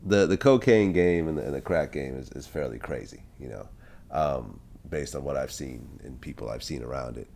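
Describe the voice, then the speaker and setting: Very deep, gravelly male interviewer. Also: expressive, moderate pace, darkish tone. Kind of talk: interview questions.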